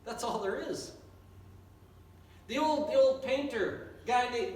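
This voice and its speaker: Pastor, male, high voice, earnest sermon delivery, mic distant in a very reverberant church. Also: measured pace. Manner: earnest, repetitive preaching with rising appeals. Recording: echoey church hall from far off.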